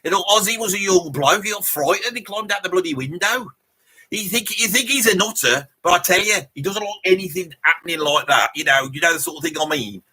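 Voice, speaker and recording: A man's voice: high-pitched, expressive, brisk, pushed and bright, breathy edge, full character voice. A man playing a boastful, rambling Birmingham bloke with a Birmingham accent, chatting with viewers on a live stream in character. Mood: rambling chat. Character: boastful middle-aged Birmingham bloke, rambling name-dropper. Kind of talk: in-character live reaction chat.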